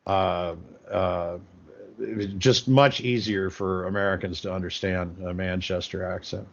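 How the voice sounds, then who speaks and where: Low-pitched co-host, rambles with lots of uhs, dull lo-fi audio. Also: male voice, fairly even intonation, measured pace. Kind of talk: casual call-in chat.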